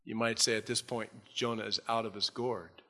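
A man preaching a sermon, telling the scriptures in an animated way and acting out the scenes. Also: fairly low pitch, moderate pace, long reverb tail, background noise.

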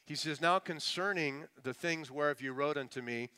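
A middle-aged male pastor preaching a sermon, swinging between loud emphasis and hushed asides. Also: on the high side, normal speed, clear, resonant tone.

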